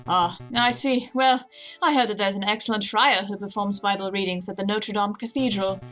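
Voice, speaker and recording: A woman voicing a secretive, composed male bird rebel in a game, speaking in a guarded, measured way. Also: mid-range voice, steady tone, fairly bright tone, faint music behind, close to an everyday voice, rough recording. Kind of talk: game dialogue read aloud.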